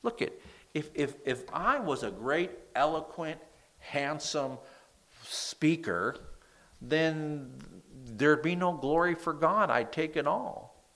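A man preaching a sermon in a church, with a nasal voice and lively emphasis when reading scripture. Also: on the high side, slow. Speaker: pastor.

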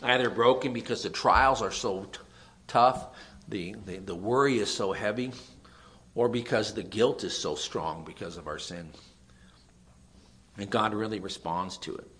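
A man preaching a sermon, earnest, swinging between raised emphasis and quiet asides. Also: fairly low pitch.

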